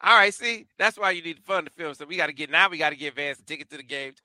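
Man hosting a sports podcast, very bright voice, dry close sound, easygoing. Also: a little high, rapid-fire, no room sound. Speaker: podcast host. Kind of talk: casual sports talk.

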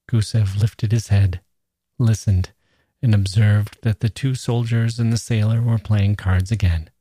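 A man reads a classic short story aloud in an even, measured way. His voice is low, dark and a little husky. The recording is close and completely dry. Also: no echo. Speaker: podcast host and reader. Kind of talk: scripted literary reading.

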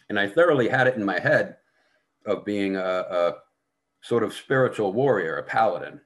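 A man's voice: lowish voice, expressive, measured pace, fairly bright tone. A middle-aged American man telling blunt, profanity-laden stories as a podcast guest. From United States. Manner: heavy swearing, blunt, vivid storytelling. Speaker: podcast guest, veteran actor. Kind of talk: casual storytelling conversation.

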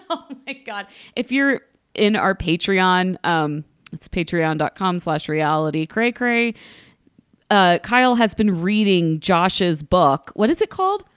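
Woman, podcast co-host, expressive pitch, laughs a lot, sarcastic, dry sound. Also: takes it slowly, clean tone, no echo. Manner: animated, laughs often, sarcastic asides. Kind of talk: casual chat.

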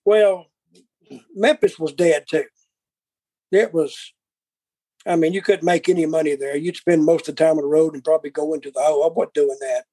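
A man's voice: a little high, steady tone, moderate pace, pauses often, mellow, dry recording, low-quality recording. An older man telling blunt, profane stories and acting out old arguments. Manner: profane, blunt, acts out quarrels in dialogue. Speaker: guest. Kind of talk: casual storytelling.

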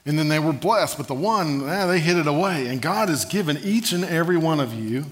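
A man preaching a sermon, telling humorous stories in an animated way and asking the congregation for an amen. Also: fairly high pitch, fairly quick. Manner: animated, humorous storytelling with call-and-response.

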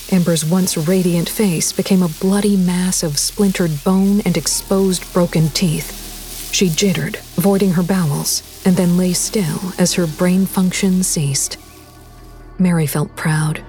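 A woman reading a horror audiobook in a measured, deliberate storytelling voice. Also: on the low side, warm tone. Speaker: narrator. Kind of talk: scripted horror audiobook narration.

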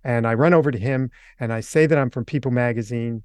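Animated older man telling stories. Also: mid-range voice, fast talker, clean tone, no room sound, clean studio sound. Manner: animated anecdote teller, acts out quotes. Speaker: podcast guest. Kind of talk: casual storytelling.

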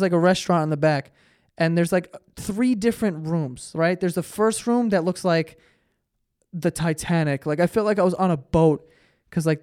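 On his solo podcast, a weary young host rambles through stories, swearing and cutting himself off mid-thought in a casual monologue. He has a high voice with a slightly mellow quality, recorded at studio quality with no echo.

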